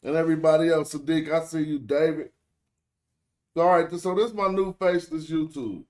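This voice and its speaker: A man with a slightly high, darkish voice speaks at a normal speed with fairly even intonation. He hosts a casual screen-share tutorial online, addressing his viewers in a loose, slangy, chatty way and frequently correcting himself mid-sentence.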